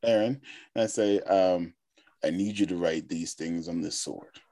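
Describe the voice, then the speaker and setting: A man playing a tabletop game, speaking deliberately. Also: low voice, mellow. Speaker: player. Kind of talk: tabletop game role-play.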